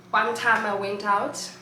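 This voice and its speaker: A woman's voice: medium pitch, bright, forceful tone, a little hiss or hum. A young South African woman hosting a casual talk on language, switching between English and Setswana and laughing often as she explains. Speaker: host. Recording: roomy echo.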